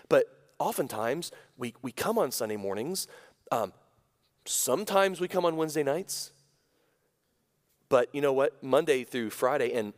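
A man's voice: medium pitch, normal speed, long reverb tail. A man preaching a sermon as pastor, talking in a conversational way, often restarting phrases and then leaning hard on key words. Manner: conversational, self-correcting, lively emphasis. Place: church sanctuary.

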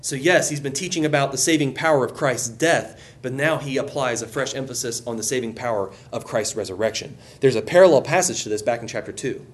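A man leading a group Bible study, speaking loosely and conversationally, with a voice that rises as he gets excited. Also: medium pitch, fairly quick, hardly any pauses. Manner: enthusiastic, voice rises when excited; loose and conversational, with restarts and asides.

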